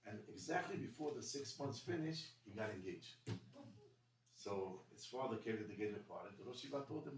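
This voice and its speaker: A man, a rabbi, telling a story to a congregation in quick, animated, broken English. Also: lowish voice, background noise. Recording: echoey room, mic at a distance, faint ambience.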